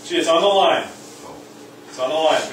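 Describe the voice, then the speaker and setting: Guy teaching music to a class, kinda high voice, big echoey room, mic way off. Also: normal speed, recorded from a distance, slight background noise. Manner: joking, coaxing, sings rhythm syllables. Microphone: far from the mic. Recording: echoey room recorded from afar.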